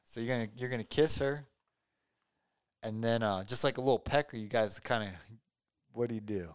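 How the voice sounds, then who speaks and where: A man's voice: medium pitch, moderate pace, clean tone, no echo. A man in casual chat, telling a rambling story and teasing his friend.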